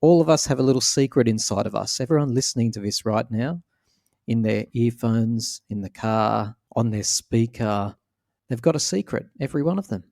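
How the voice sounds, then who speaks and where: A playful man hosts a casual podcast chat, breaking into squealing mock voices now and then. His voice sits at an ordinary middle pitch. The recording is dry and close, with no room sound. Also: normal speed, creaky, darkish tone, dry recording. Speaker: podcast host.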